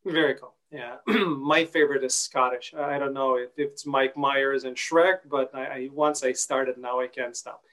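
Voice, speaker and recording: A man hosting an interview, asking long rambling questions in an easygoing way with many pauses. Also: medium pitch, fairly even intonation, fairly bright tone, rough recording. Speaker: interviewer and actor.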